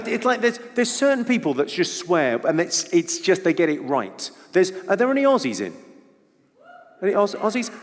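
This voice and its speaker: A man with a British accent doing stand-up crowd work on a theatre stage, firing off dry quips and often breaking into his own distinctive laugh. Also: fairly high pitch. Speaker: stand-up comedian. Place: large theatre stage with audience. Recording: live theatre with long reverb and loud noise.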